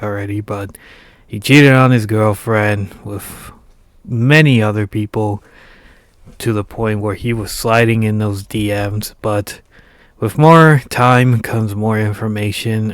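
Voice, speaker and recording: A man with a raspy voice hosting a casual online commentary, with wry joking asides. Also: fairly low pitch, no room sound, clean studio sound. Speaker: commentary video host.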